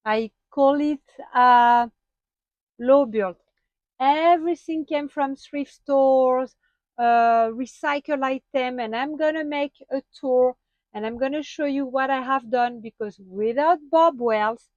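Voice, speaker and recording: French-accented lady vlogging from inside her van, slow and chatty, lots of ums, kinda dull dry sound. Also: high voice, darkish tone, dry recording. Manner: chatty, halting with frequent fillers and laughs. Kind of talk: casual van tour vlog.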